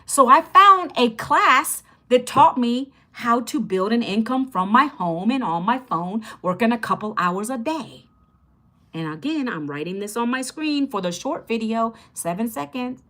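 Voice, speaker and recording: A fifties-aged woman with a highish, sharp-toned voice speaks animatedly at a measured pace. She hosts a casual, upbeat livestream teaching online income, greeting viewers and repeating phrases.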